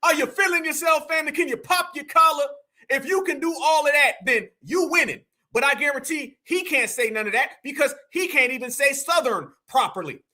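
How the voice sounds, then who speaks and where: A man from the United States with a very high, piercing voice that carries real edge and brightness. He rants in heated reaction commentary, mocking and combative, repeatedly calling his audience fam. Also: fairly quick. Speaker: reaction channel host.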